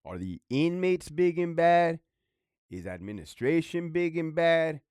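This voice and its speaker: A man in a casual vlog rant, swearing freely and laughing between points. His voice sits a bit high for a man and leaps around in pitch. The sound is dry, with no room echo. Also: very animated, measured pace, a little mellow, clear, resonant tone. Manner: profane, rambling, frequent laughter. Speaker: former prison guard.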